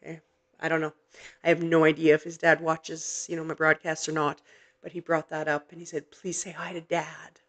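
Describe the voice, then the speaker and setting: Woman psychic medium host, live-stream reading; gentle, earnest, halting, emotionally warm-toned delivery. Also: sits low, monotone. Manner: gentle, earnest, many hesitant fillers; emotionally moved, softly reassuring.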